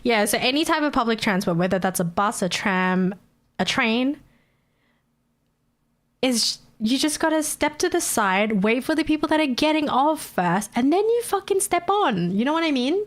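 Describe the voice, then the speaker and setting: A woman's voice: high voice, lively intonation, moderate pace. A woman streamer chatting casually, ranting with frequent swearing and laughter. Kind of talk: casual live-stream chat.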